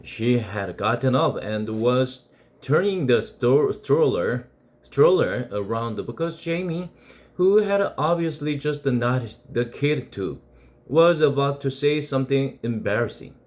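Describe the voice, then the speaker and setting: A man from South Korea, an English teacher, reading a children's novel aloud in a slow, expressive way. He takes his time, and his pitch rises and falls a great deal.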